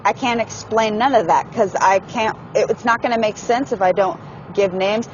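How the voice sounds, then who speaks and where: A woman vlogger venting casually to camera from inside a car, in a frustrated, halting way and with swearing. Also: mid-range voice, dull audio, a little hiss or hum.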